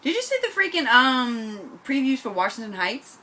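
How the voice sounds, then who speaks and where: High excitable young woman. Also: moderate pace. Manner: excitable, laughing, emphatic. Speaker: co-host. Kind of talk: casual reality TV recap chat.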